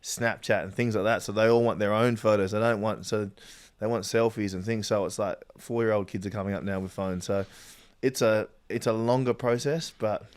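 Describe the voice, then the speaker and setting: A man's voice: lowish voice, fairly even intonation, moderate pace, hardly any pauses, clean tone. An Australian man from Western Australia, a footballer guest telling stories in casual chat and laughing often. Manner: chatty storyteller, laughs often.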